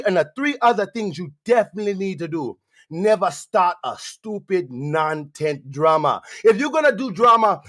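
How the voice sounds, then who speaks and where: A man putting on an exaggerated Jamaican accent to lecture and tease a co-host. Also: sits high. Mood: preachy. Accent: put-on Jamaican. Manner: lecturing, teasing, drawn-out phrases. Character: mock Jamaican-accented male trash-talker.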